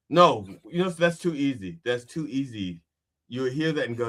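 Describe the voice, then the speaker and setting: A man's voice: medium pitch, normal speed, a bit bright. A man chatting as a guest comedian on a podcast, riffing loosely with lots of restarts and "you know"s. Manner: rambling riffs full of restarts and "you know". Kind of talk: casual comedy podcast chat.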